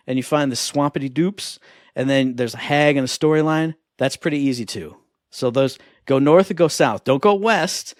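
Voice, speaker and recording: Male podcast co-host, excitable and animated, mid-pitched voice, dry close recording. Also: no echo. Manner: enthusiastic, animated, acts out quoted voices. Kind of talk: casual chat.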